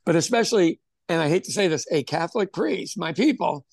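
Gravelly high-voiced man telling a story. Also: a little fast, dry recording, clean studio sound. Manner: animated storytelling, acting out quotes, swears freely. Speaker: podcast host telling a story; pub owner. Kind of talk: casual chat.

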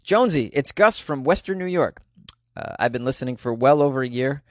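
A man's voice: medium pitch, animated, a little fast, no echo, clean studio sound. A man hosting a comedy news podcast, reading odd stories with wry, jokey asides. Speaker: podcast host.

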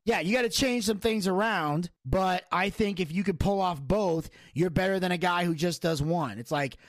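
A man's voice: sits high, moderate pace, no room sound. A man hosting a podcast, recapping wrestling in casual chat, blunt and profane. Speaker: podcast host.

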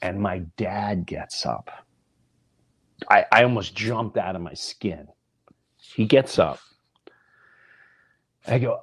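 A low, husky man tells a story on his podcast. His pitch swings widely as he acts out voices and sinks into hushed whispers at tense moments. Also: expressive, a little slow. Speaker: podcast host. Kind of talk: storytelling monologue.

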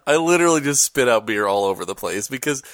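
Lively laid-back podcast host guy. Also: fast, no room sound, clean studio sound. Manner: laid-back, slangy, swings up in pitch when excited. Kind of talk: casual chat.

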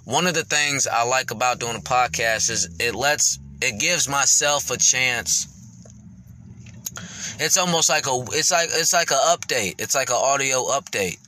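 A man's voice: mid-range voice, a little slow, bright, forceful tone, slight background noise. A man hosting his podcast, speaking candidly and reflectively, rambling with lots of fillers and casual swearing. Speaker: podcast host.

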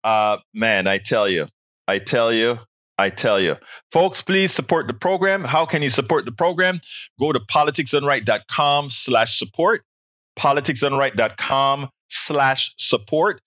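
A man's voice: mid-range voice, lively intonation, moderate pace, pushed and bright, dry recording. A man hosting a political talk show, chatty and upbeat as he reads viewer comments. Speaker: host.

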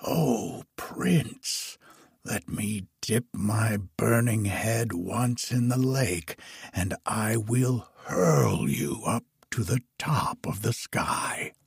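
A huge, horrible dragon rises from the lake in a storybook tale, a man putting on its voice. It speaks in a low, husky, whispery growl, breathy and worn, with a dry close sound and no room around it. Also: expressive, very slow, dry recording, full character voice. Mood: gasping. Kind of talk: storybook reading.

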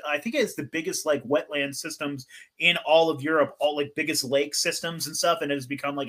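A young man in casual podcast chat, swearing freely and laughing as he talks. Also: a little high. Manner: profane, laughing, excitable. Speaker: podcast co-host or guest.

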